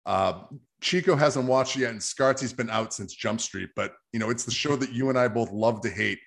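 A man's voice: medium pitch, normal speed, vocal fry, a bit bright. A man hosting a podcast, running segments in a loose, joking way with some swearing. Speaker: podcast host. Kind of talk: casual podcast chat.

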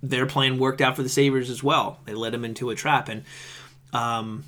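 Male podcast host, mid-pitched, relaxed and chatty. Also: normal speed. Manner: animated, acts out lines in put-on voices. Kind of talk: casual chat.

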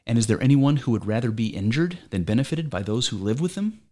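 A man's voice: medium pitch, animated, quick pace, a little mellow, lightly acted. A man reading as an aging philosopher, combative. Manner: argumentative, probing rhetorical questions. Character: aging male philosopher defending himself in court. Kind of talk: amateur dramatic reading.

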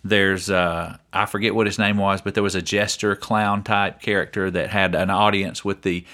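A man's voice: low voice, little pitch movement, normal speed, sharp tone. A man co-hosting a casual podcast, chatty and leading the talk, often calling his co-host by name. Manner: chatty, keeps saying his co-host's name.

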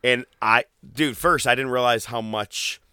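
A podcast co-host casually recaps wrestling, animatedly acting out what people said and swearing freely. His mid-range voice is smooth and a little slow, captured in a dry, studio-quality recording.

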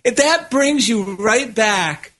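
A man with a notably high voice talks loosely in a relaxed podcast chat. He co-hosts and writes books, and he drifts into anecdotes, restarting his sentences as he goes. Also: takes it slowly. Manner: rambling, anecdotal, with frequent restarts. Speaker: podcast co-host and author. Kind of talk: casual conversational chat.

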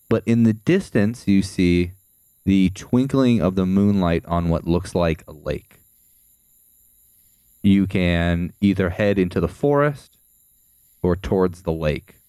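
A man narrating scenes as game master of a tabletop role-playing game, in a measured, descriptive way. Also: low voice, mellow, clean tone, dry recording, studio quality.

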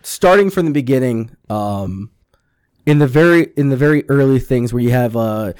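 A man's voice: medium pitch, animated, moderate pace, darkish tone, clean tone. Profane man animatedly recapping a show. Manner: acts out characters' lines in quotes. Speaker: podcast co-host. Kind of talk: casual chat, recapping a TV episode.

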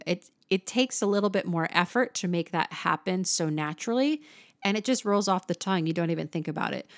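A woman teaching a lesson on song lyrics, talking in an animated way and singing short snippets to show her points. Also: on the low side, no room sound, clean studio sound. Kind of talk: explanatory lesson.

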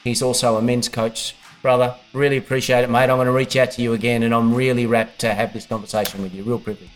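A man's voice: medium pitch, flat delivery, fast talker, soft background music. A man with an Australian accent hosting a podcast, matey and emphatic in casual conversation. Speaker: podcast host.

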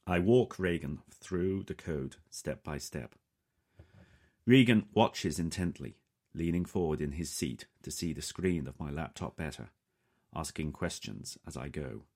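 A man reading a first-person story in a calm, measured way. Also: extremely low pitch. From England. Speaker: audiobook narrator. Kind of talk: scripted first-person narration.

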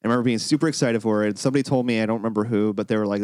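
A man's voice: on the low side, racing, a little mellow, dry recording, clean studio sound. A man chatting casually on a podcast, rambling and laughing often as he acts out quotes. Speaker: podcast co-host. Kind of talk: casual chat.

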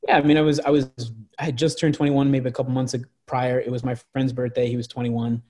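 A young man in his twenties chatting as a guest, telling wild stories in a loose, rambling way full of restarts and fillers. His voice sits at an ordinary pitch for a man. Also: level tone, fast talker, darkish tone. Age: 20s. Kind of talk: casual storytelling chat.

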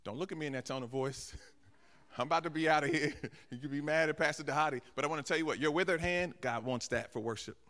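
Animated preacher with a bright voice. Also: male voice, a little high, quick pace. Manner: animated preaching, acting out dialogue with shifting voices. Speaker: guest pastor. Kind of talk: sermon. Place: church sanctuary with balcony. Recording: church hall reverb.

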